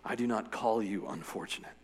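A man reading aloud as a great solemn male lion, calm and commanding, in a measured, grave way. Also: on the low side, slightly rough, in a large hall. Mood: quiet.

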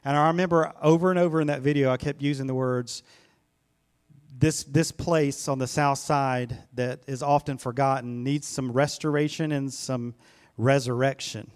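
A man's voice: medium pitch, fairly even intonation, moderate pace. A pastor preaching a sermon to his church, talking in an earnest, conversational way and often repeating a phrase for weight. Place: church sanctuary.

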